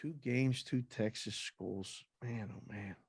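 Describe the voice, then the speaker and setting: A man co-hosting a sports betting podcast, talking in an animated, jokey way about game lines. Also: lowish voice, slow pace, crowd noise. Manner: animated, jokey, self-mocking. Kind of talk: casual sports betting chat.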